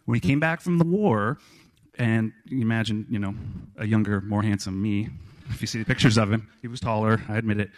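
A man's voice: lowish voice, fairly quick. A middle-aged man from Kansas telling family stories on stage in a wry, joking way. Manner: wry, joking, acts out voices in quotes. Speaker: storyteller. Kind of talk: live storytelling on stage.

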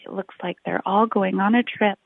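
A woman reading a children's picture book aloud, rhythmic and expressive, drawing out her phrases. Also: mid-range voice, moderate pace, creaky, no room sound. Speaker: storyteller. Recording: tinny phone-like recording.

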